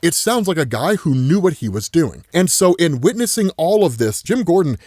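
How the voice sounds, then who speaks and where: Excitable man recapping a story. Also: a little high, normal speed, dry recording, studio quality. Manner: excitable, peppers speech with "right?". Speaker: comics explainer YouTuber. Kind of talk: casual enthusiastic story recap.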